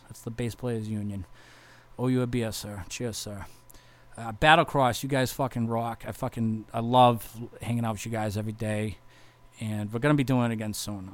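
A young man, a touring metal bass player rambling heartfelt thanks with lots of swearing and fillers. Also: clear, resonant tone. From Massachusetts. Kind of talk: casual vlog thank-you message.

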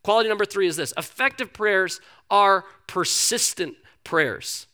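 A man's voice: high-pitched, a little slow, sharp tone. A man preaching a sermon in a conversational, storytelling way. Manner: conversational storytelling, acts out characters.

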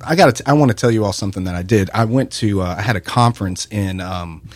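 A man's voice: lowish voice, fast talker, dry recording. A man co-hosting a radio show, telling a long story in casual, rambling banter full of restarts. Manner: rambling, animated anecdote with restarts. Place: radio studio.

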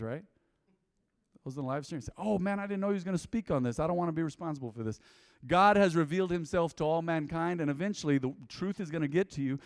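A man preaching a sermon to a congregation, calling for responses and swinging between loud and quiet. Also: on the high side, dry recording, clean studio sound. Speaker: pastor. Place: church with live congregation.

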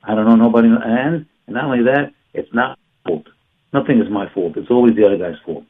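Husky low-voiced man teaching a religious class. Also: animated, a little fast. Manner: emphatic, repetitive. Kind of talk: Torah class lecture. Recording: tinny phone-like sound.

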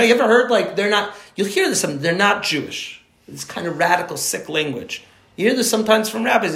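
A man's voice: fairly high pitch, vocal fry, a bit bright. A man teaching a study group in an informal lecture, rambling and emphatic, often restarting his sentences. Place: indoor room with a group. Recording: echoey room.

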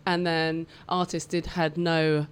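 A woman's voice: low voice, level tone, slow pace, smooth. A British woman in her thirties, a podcast guest telling her story in candid, chatty conversation with easy laughter in a radio studio. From United Kingdom. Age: 30s. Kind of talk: casual interview chat.

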